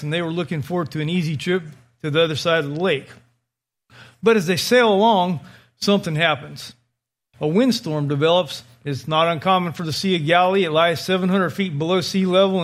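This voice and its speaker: A man's voice: high voice, a bit bright. A male pastor preaching a sermon, telling the story vividly.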